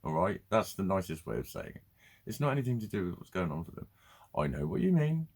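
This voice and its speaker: A man's voice: deep voice, sing-song, fast talker, a little mellow. A man ranting bluntly and swearing in a casual vlog. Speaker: vlogger. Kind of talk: casual ranting monologue to camera.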